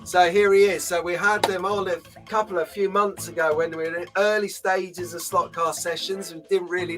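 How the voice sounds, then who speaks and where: A man with a slightly raised voice hosts a relaxed live stream from a small room at home. He chats and jokes freely, greeting viewers one by one, with faint music playing behind him. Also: high-pitched. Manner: chatty, jokey, greets viewers by name. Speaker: host. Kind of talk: casual live-stream chat.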